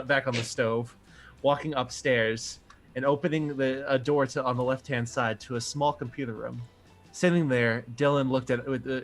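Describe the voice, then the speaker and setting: Easygoing guy running a tabletop game, mid pitch, soft music behind. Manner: chuckling, easygoing storyteller. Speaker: game master.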